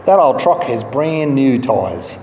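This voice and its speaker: A man voicing a kind, gruff old gas station owner who speaks in plain, folksy country talk, inside a story told in a sermon. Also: mid-range voice, sing-song, slow pace, darkish tone. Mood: easygoing. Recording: echoey hall from far off, faint noise.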